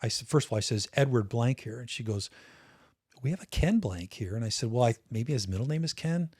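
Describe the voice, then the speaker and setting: A man's voice: medium pitch, animated, fairly quick, darkish tone, husky, no echo. Middle-aged man telling a story, dry close sound. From United States. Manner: candid, conversational, swears casually, frequent restarts. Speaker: interview guest, retired state police major. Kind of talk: casual storytelling in a podcast interview.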